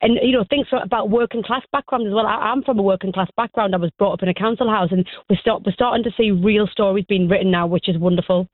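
Radio guest: quick, effusive woman, dry phone-line sound. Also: medium pitch, no echo. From North of England. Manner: bubbly, gushing, fast and effusive. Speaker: guest singer and actress. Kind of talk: chatty radio interview.

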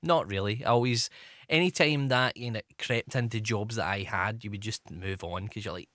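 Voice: medium pitch, moderate pace, fairly bright tone, dry recording. A co-host in casual chat, teasing and dry in their banter. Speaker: podcast co-host.

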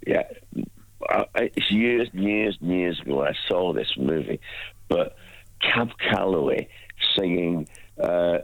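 A man's voice: sits low, expressive, unhurried, gravelly, pauses often, dry recording, lo-fi sound. A man calling into a radio phone-in, enthusiastic and rambling, repeating his words. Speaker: radio caller. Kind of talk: phone-in chat.

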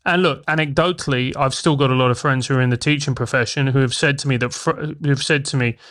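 A man's voice: mid-range voice, steady tone, fast, a bit bright. A man, a former teacher turned comedian, speaking as a guest in a radio interview, articulate and emphatic.

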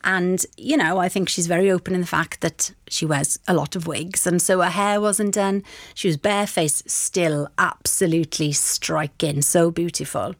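A middle-aged woman, a guest on a show, telling a story in a lively way. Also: fairly low pitch, normal speed, no room sound, studio quality. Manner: lively storyteller, acts out quoted voices. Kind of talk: anecdotal chat.

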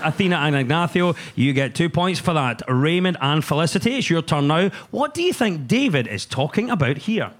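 A man with a slightly high voice, hosting a comedy quiz. He reads brisk scripted links. His punchlines come out dry. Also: sing-song, a bit bright, slight background noise. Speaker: quiz show host.

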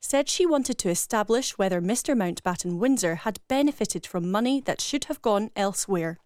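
A woman reading a radio news bulletin and travel news in a clear, measured way. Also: mid-range voice, expressive, a little mellow, no room sound, studio quality. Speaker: newsreader.

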